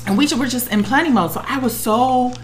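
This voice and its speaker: A woman's voice: a little high, fast talker. A woman on the verge of tears, telling a personal story in an emotional, emphatic way as a podcast co-host. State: close to tears.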